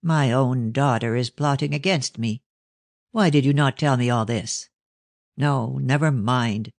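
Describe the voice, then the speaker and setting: A man voicing a stern, guarded older Victorian father who speaks in a measured, ironic way in an audiobook. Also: mid-range voice, creaky, dry recording, clean studio sound. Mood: cold. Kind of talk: audiobook reading of a novel.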